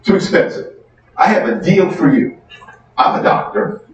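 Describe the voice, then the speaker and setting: A middle-aged man giving a university economics lecture, conversational and animated, asking the class questions, recorded from far off in a large lecture hall. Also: sits high, normal speed, slight background noise. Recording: distant echoey hall, dull sound.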